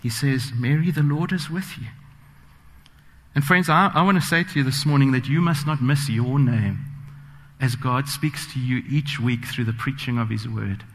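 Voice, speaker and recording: A man's voice: medium pitch, normal speed, fairly bright tone. A man preaching a sermon, earnest and personal, telling stories with frequent fillers. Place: church sanctuary. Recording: long church reverb.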